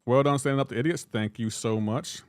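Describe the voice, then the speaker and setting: A young man live-streaming a mobile game, joking back and forth with his chat in a casual, animated way. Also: medium pitch, brisk, clean tone, dry recording.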